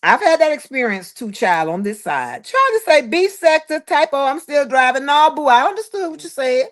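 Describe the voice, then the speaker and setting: Chatty woman livestream host, a bit high-pitched, reads chat and calls everyone honey. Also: very animated, moderate pace. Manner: chatty, calls listeners honey, child and boo. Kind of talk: casual livestream chat reading viewer comments.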